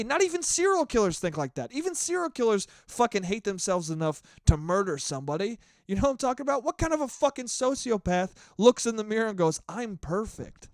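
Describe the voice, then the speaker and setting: A young man hosts his own podcast in a dry, close-miked recording. His fairly high voice swings widely in pitch as he rants with plenty of swearing. He wanders from point to point in a loose, animated monologue. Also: dry recording. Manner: animated, profane, rambling rant. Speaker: podcast host. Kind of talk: casual solo podcast monologue.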